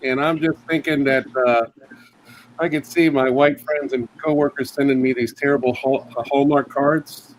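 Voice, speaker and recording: A man doing a casual stand-up set at a comedy round table, with many fillers and sudden high put-on voices for his bits. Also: fairly even intonation, moderate pace, a little hiss or hum, poor audio.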